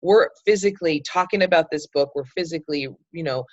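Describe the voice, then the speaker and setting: A woman's voice: deep voice, brisk, a little mellow, no echo, dull audio. A middle-aged woman leading a group video call, chatty and enthusiastic, with plenty of fillers. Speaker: group leader hosting a book club call. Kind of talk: casual group talk.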